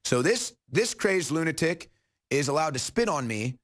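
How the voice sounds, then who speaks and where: A man's voice: a little high, very animated, moderate pace, fairly bright tone. Sarcastic man hosting a commentary show. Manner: sarcastic, mocking. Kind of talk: opinion commentary monologue.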